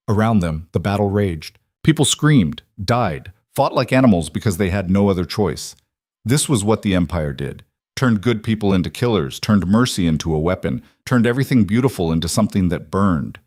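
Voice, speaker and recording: A man narrating a dark fantasy story in measured, clipped dramatic phrases. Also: low voice, expressive, no room sound, studio quality. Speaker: audiobook narrator.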